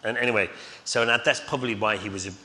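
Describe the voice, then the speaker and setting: Bright-voiced man telling stories. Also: mid-range voice, fairly even intonation, racing. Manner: rambling, chuckling, many fillers. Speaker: guest. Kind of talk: anecdotal storytelling on stage. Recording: reverberant hall, faint noise.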